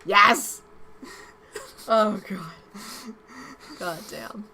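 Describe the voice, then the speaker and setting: A woman co-playing a game in casual, giggly, excitable chat. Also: medium pitch, extremely slow, a little hiss or hum. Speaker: co-player.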